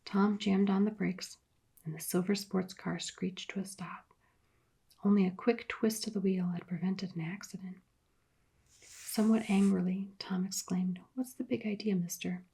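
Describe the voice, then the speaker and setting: Husky, whispery soft-spoken woman narrator. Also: medium pitch, level tone, measured pace. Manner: hushed, partly whispered reading. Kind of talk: soft-spoken ASMR book reading.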